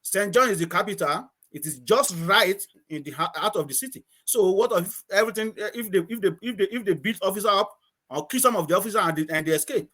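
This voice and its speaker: Antiguan man, high-pitched, rambling anecdotal guest on a call. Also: quick pace, bright, forceful tone. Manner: storytelling, repeats words, laughs often. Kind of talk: casual chat.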